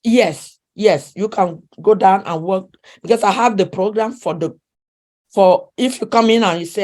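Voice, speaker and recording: Her medium-pitched voice has a darkish tone and a normal speed as this middle-aged woman, a relationship coach with a non-native English accent, talks in an interview. Earnest and emphatic, she tends to repeat herself and search for words.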